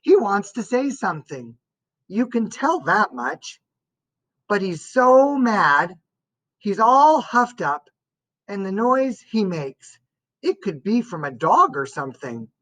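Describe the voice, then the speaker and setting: A woman reading a first-person story aloud as an audiobook narrator, in a slow and expressive way. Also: medium pitch, poor audio.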